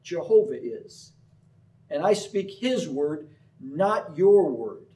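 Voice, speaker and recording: Preacher doing a stubborn blunt prophet, mellow tone, mic far away. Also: male voice, on the high side, very animated, takes it slowly. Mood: firm. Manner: firm, plain-spoken. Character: blunt, defiant male prophet.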